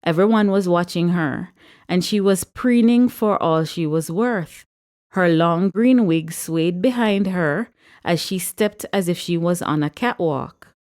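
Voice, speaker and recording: A woman, reading a story aloud in a measured, expressive way. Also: lowish voice. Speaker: audiobook narrator.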